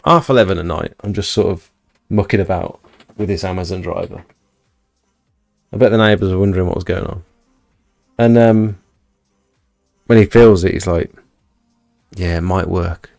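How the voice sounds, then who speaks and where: A man's voice: deep voice, fairly even intonation, moderate pace, creaky, pauses often, a little mellow, soft background music. A man, hosting a livestream and telling a rambling, chatty story to his viewers at home. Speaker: livestream host. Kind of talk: casual storytelling to a live chat. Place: indoors at home.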